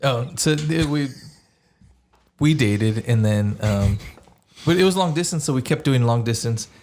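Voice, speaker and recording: A man's voice: medium pitch, expressive, measured pace, darkish tone, a little hiss or hum. A man in a casual podcast chat, telling a story hesitantly with many restarts. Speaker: podcast co-host.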